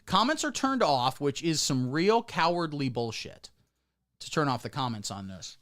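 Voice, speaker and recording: A man streaming sarcastic commentary, swinging between deadpan mutters and sudden squeaky outbursts. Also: moderate pace. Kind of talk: satirical livestream commentary.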